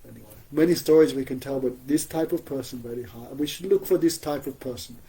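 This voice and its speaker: A man's voice: mid-range voice, quick pace, dark tone, breathy edge, rough recording. A man giving a spiritual scripture class, telling stories with frequent chuckles and rhetorical questions. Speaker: spiritual teacher.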